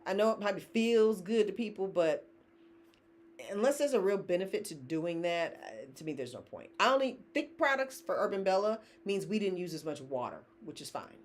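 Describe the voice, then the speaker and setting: Middle-aged woman, founder hosting a live sale, very expressive, chatty and laughing. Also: mid-range voice, normal speed. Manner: chatty, laughs often, reads viewer comments aloud. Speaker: company founder hosting live shopping stream. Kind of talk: casual live-stream chat.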